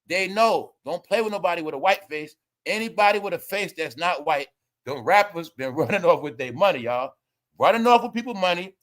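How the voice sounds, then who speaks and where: A young man hosting a live gossip commentary stream, loud and laughing, often calling out to viewers. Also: high voice. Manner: loud, laughing, repetitive, addresses viewers as y'all. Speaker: commentary host.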